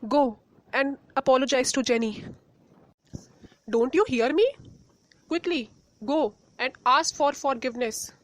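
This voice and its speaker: A woman's voice: sits high, steady tone, slow pace, no room sound. A woman voicing a sick mother who speaks in a plaintive, apologetic way. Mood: stern. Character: remorseful sick mother, sharp with her spoiled daughter.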